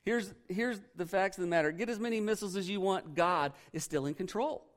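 A man preaching a sermon in a conversational way, often pausing to quiz his congregation. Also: high-pitched. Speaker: pastor.

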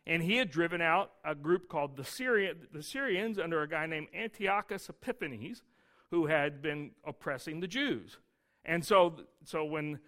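A male pastor preaching a sermon, telling the story lively and acting out scenes. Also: a little high.

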